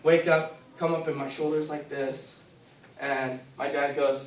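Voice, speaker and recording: A young man tells a personal story in a class speech, animated and acting out the things he said. His voice sits a bit high. He is recorded by a distant camera in a classroom that rings with echo. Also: a little slow, a little hiss or hum. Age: young adult. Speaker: student speaker. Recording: echoey room from far off.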